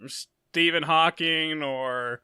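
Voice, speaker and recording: A man's voice: fairly high pitch, fairly even intonation, extremely slow, sharp tone, clean tone, no echo, studio quality. A man co-hosting a casual movie podcast, blunt and self-deprecating, laughing often. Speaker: podcast co-host.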